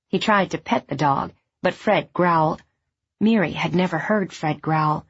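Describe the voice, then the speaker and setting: A woman reading a novel aloud in scripted narration, measured and even. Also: on the low side, husky, dull audio. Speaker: audiobook narrator.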